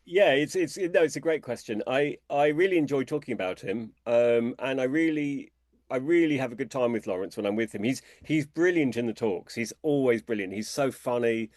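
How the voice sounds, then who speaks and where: A British man, an author guest in an interview, who tells lively anecdotes and talks in a chatty, conversational way. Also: normal speed, dry recording, clean studio sound. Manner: animated storyteller, imitates people in a high voice.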